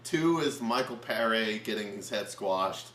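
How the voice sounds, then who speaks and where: A man co-hosting a casual comedic movie review, excitable and building up jokes. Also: fairly low pitch, a little slow, roomy sound, slight background noise.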